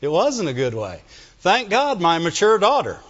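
A middle-aged male pastor preaching a sermon, animated and joking, often asking the congregation for amens. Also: high-pitched, normal speed. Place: church. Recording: dull sound with long hall reverb.

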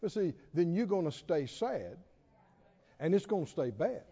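A man preaching a sermon, retelling a story dramatically with laughs and shouted exhortations. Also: sits high, sing-song, a little slow, husky. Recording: dull sound with long hall reverb.

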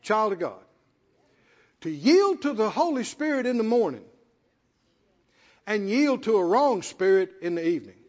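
A man preaching in a church with a high, husky voice that swoops up and down emphatically. He repeats phrases for weight and questions his listeners. The sound is dull and lo-fi, with a long hall reverb trailing behind. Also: big pitch swings, a little slow, long pauses. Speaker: pastor. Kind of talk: sermon.

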